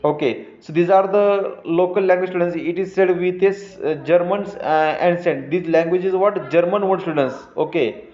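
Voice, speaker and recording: A man with a high voice and an Indian English accent reads a story aloud to his students, stopping again and again to explain words. He talks slowly and haltingly, with many fillers and restarts. The recording is dull and lo-fi, in a roomy space. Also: a little mellow. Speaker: teacher.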